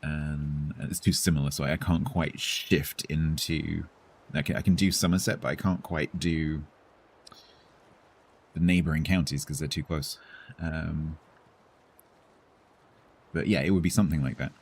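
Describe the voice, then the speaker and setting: An English man with a Received Pronunciation accent tinged with London, chatting casually with his viewers as a streamer and pausing often on fillers. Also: rumbling low, steady tone, vocal fry, husky. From England. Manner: chatty, hesitant, with many fillers and restarts.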